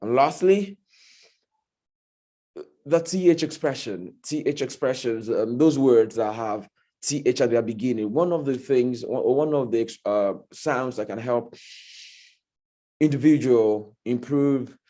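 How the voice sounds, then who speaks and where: A Nigerian man delivers a language evaluation at a speaking club meeting. He speaks slowly and deliberately, in a warm, mellow tone, correcting grammar and pronunciation. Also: medium pitch. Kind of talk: meeting feedback report.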